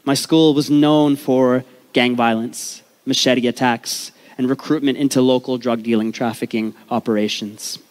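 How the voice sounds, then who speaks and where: A man's voice: mid-range voice, fairly even intonation, a little slow, hardly any pauses, a little mellow. Profane, joking man storyteller. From Canada, Vancouver. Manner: candid, profane, joking asides to the crowd. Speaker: speaker telling his life story. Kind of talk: comedic storytelling talk to a live audience.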